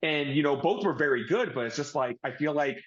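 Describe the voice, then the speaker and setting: A man's voice: on the high side, fairly quick. Man on dull lo-fi audio, rambling. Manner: relaxed, rambling and opinionated. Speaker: podcast co-host. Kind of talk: casual wrestling review chat.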